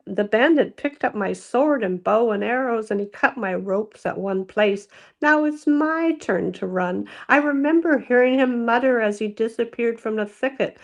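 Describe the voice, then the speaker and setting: An amateur reader, a woman, reading aloud the testimony of a dead samurai's spirit, slowly and carefully. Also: on the high side. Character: dead samurai's spirit, weary and defeated man.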